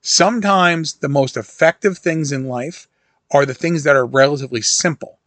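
A man's voice: a little high, normal speed, a bit bright. A middle-aged man with a slightly raised voice talks about a horror film in a loose, chatty monologue. He circles back, restarts his sentences and wanders into side stories. The sound is dry and close, with no room echo. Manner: rambling storyteller, many restarts and asides. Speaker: host reviewing a horror film. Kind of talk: casual monologue.

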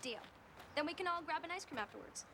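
A woman's voice: sits high, expressive, fast talker, noisy background. A young actress playing a bubbly, teasing teenage girl in a 1990s TV series. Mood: cheerful. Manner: chirpy and teasing. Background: music.

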